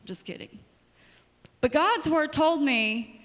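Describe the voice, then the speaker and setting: High-voiced woman preaching. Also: measured pace, in a large hall. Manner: storytelling, lively and dramatic asides. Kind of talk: sermon. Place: church sanctuary.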